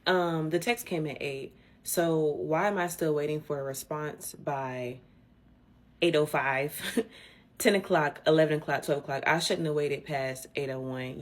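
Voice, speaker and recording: Low-voiced woman ranting about her ex, fired up, swears a lot, very animated. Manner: indignant, animated, profane. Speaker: storyteller. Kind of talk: casual storytelling rant.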